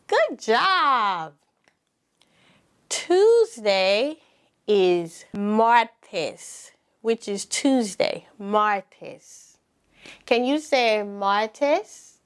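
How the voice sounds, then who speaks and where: A woman teaching a preschool circle-time lesson, speaking slowly and clearly with lots of encouraging praise for the children. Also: fairly high pitch, big pitch swings. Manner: slow, exaggerated, encouraging teacher talk.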